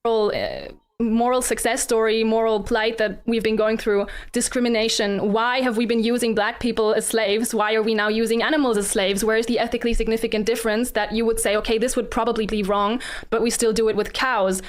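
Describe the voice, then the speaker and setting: A woman arguing a moral position in a debate, earnest and preachy, with frequent pauses and ums. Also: on the high side, steady tone. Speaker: vegan debater. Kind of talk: formal debate argument.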